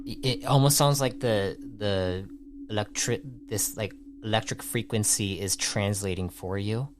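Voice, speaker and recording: Slow, low-voiced man running a tabletop game. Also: noisy background. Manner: slow, with restarts and hedging "like". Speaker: game master.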